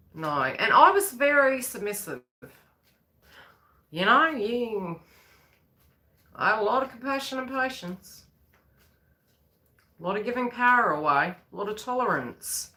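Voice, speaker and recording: A woman giving a live-streamed psychic reading, her talk rambling and conversational. Her pitch swings widely and she acts out the people she quotes. The voice has a bright, forward edge. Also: lively intonation, slow, pauses often. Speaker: psychic reader.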